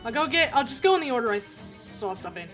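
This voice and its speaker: A woman streamer playing a game, reading its text aloud in a chatty, giggly, halting way. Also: fairly high pitch, very animated, a bit bright, faint music behind.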